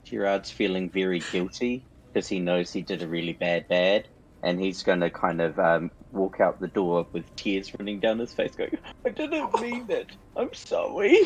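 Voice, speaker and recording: A man's voice: low voice, steady tone, moderate pace, dull audio, a little hiss or hum. A man describing what his character does in a tabletop game, in a casual way. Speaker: player.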